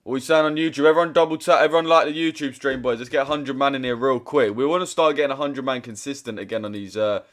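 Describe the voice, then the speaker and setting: A man with hosts a live trading stream. He talks to his chat bluntly and swears freely. His speech comes in quick bursts that he often restarts. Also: mid-range voice, steady tone. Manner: blunt, slangy, heavy swearing. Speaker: trading livestreamer. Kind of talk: casual livestream chat to viewers.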